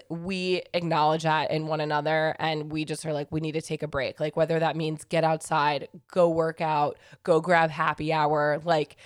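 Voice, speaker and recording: A woman's voice: low voice, clear, resonant tone, dry recording, studio quality. A young woman co-hosting a podcast in casual chat, talking freely with lots of "like" fillers. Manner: chatty, frequent "like" fillers. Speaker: podcast co-host.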